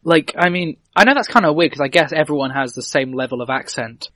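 A man's voice: fairly high pitch, quick pace, sharp tone, no room sound. A young man from England, chatting enthusiastically on a podcast and often stammering and restarting his sentences. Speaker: podcast co-host. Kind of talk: casual chat.

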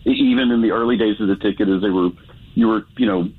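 A man with a low, husky voice rambles through a call-in story, stopping and restarting his sentences. He comes through a tinny phone line. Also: steady tone, quick pace. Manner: rambling, hesitant, full of restarts. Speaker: caller. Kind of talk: casual radio call-in chat.

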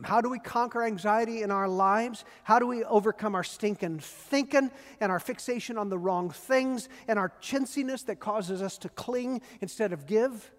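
An older male pastor delivers an earnest, emphatic sermon in a notably high voice. His words ring out with a long reverb, as if he is preaching in a large church sanctuary. He leans on key phrases and repeats them warmly. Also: moderate pace, hardly any pauses.

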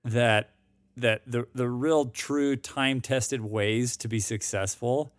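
This man co-hosts a finance podcast in easygoing chat. He circles back, restarts phrases and throws in emphatic asides. His voice sits at a middle pitch, recorded close and dry. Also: steady tone, slow pace, no room sound. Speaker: podcast co-host. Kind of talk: casual chat. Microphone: new microphone.

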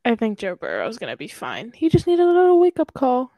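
Young woman, podcast co-host, higher pitch, casual self-mocking chat, dry close sound. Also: wildly swooping pitch, fairly quick, mellow, no room sound. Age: young adult.

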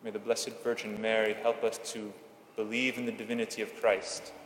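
A man giving a Catholic homily at Mass, measured and earnest, with slow emphatic phrases. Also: on the low side, flat delivery, fairly bright tone, slight background noise. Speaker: Catholic priest. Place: large church. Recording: echoey church with long reverb.

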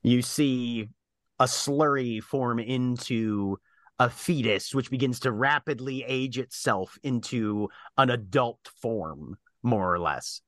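A man narrating a tabletop role-playing game as game master, describing scenes in a halting way with frequent fillers. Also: mid-range voice, fairly bright tone, no echo.

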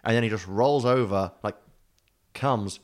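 Guy, kinda low voice, rambling story, swears a lot. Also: unhurried. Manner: rambling, swears freely, laughs often. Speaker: podcast co-host telling a story. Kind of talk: casual chat.

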